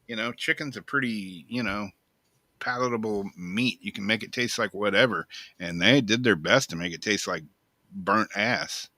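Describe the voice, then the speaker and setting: A co-host on a casual talk show, a man with a lowish voice, tells a story at a moderate pace in a loose, profane way. He laughs often while animatedly retelling it, and the recording has no echo.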